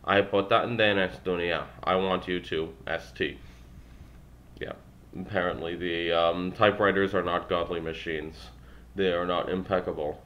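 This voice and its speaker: A young man reading a language textbook aloud, working through phrases with halting restarts and wry asides. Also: deep voice, steady tone, dull audio. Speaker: language learner vlogger.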